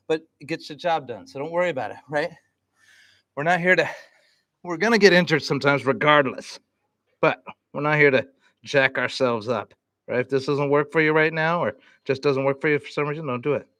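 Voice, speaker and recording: A man leading a vinyasa yoga class, calmly cueing breath and poses with relaxed encouragement. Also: fairly high pitch, brisk, no echo, clean studio sound. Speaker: yoga instructor.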